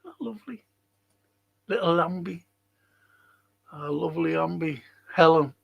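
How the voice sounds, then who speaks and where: Slow-talking gravelly man hosting a stream. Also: fairly high pitch, lo-fi sound. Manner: chatty and jokey, greeting viewers by name. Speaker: historian hosting a live stream. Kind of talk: casual live-stream chat.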